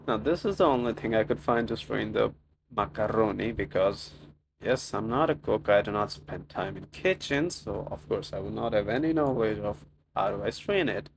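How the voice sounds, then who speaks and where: A man's voice: on the low side, expressive, moderate pace, vocal fry, background noise. A man with a non-native English accent narrating his own cooking vlog in a chatty, self-mocking way. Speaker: cooking vlogger. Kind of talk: casual vlog voice-over.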